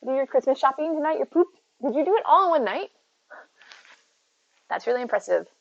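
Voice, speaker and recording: A woman's voice: high voice, sing-song, a little fast, creaky, lo-fi sound. A woman streaming from home, chatting casually, greeting viewers by name and talking to her cat. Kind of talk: casual live-stream chat. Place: at home near her bed.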